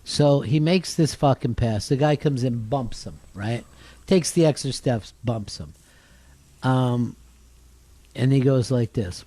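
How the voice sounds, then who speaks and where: A man's voice: mid-range voice, takes it slowly, dry recording. A man hosting a radio talk show, telling profane sports stories in casual banter and mocking the people he quotes. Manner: profane, animated storytelling with mocking quoted voices.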